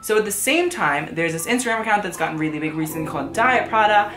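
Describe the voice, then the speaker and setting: A woman's voice: medium pitch, expressive, fast talker, background noise. A woman giving frank, profane, sarcastic commentary in a casual vlog. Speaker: fashion vlogger. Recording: echoey room with background music.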